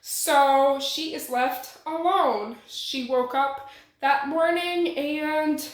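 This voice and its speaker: A woman's voice: high-pitched, very slow. A woman recapping a thriller novel in a chatty, slangy way with playful asides to the viewer. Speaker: book reviewer. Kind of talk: casual book recap. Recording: roomy echo.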